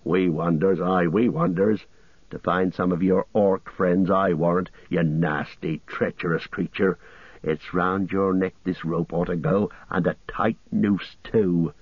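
A blunt, growling hobbit, voiced by a male narrator, scolds in a low voice. The reading is dry and slightly dull in sound. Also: steady tone, unhurried, husky, no echo, exaggerated voice. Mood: gruff. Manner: growling, scornful.

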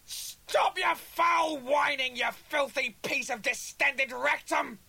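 A man voicing a pompous, prickly male space officer, his voice strained and high-pitched and breaking into shouts. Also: wildly swooping pitch, moderate pace, dry recording, heavily acted. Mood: bellowing rage.

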